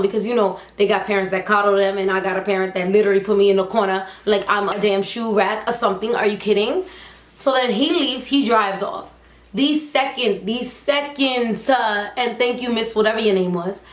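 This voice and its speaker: A young woman vlogger telling a story in a casual, animated, slangy and emphatic way. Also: mid-range voice, a little fast. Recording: roomy echo.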